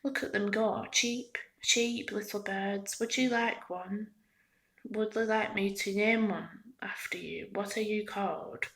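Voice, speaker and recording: A woman voicing an erratic, pushy male street toy maker in a soft whispered role-play. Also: mid-range voice, steady tone, slow. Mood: wheedling. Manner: wheedling, turns scornful.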